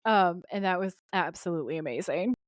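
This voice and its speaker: A woman co-hosting a podcast, recapping a TV episode in casual chat, animated and swearing freely. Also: lowish voice, brisk, no room sound, studio quality. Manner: animated, swears freely, acts out quoted lines. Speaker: podcast co-host.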